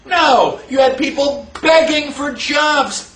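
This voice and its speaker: A high-voiced, animated man teaches a class at a slow pace with few pauses, firing rhetorical questions at the room and acting out the voices of those he quotes. He's recorded from a distance in an echoey classroom.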